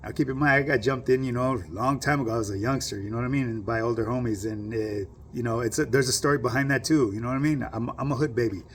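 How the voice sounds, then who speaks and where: Gravelly middle-aged man. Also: mid-range voice, fairly even intonation, fast talker, few pauses, a little hiss or hum. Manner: streetwise slang, keeps asking "you know what I mean". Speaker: vlogger telling a personal story. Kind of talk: casual storytelling to camera.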